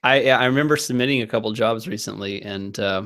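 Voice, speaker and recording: A man's voice: fairly low pitch, quick pace, fairly bright tone. A man co-hosting a podcast, talking in an easygoing way and laughing along. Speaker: podcast co-host. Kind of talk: casual chat.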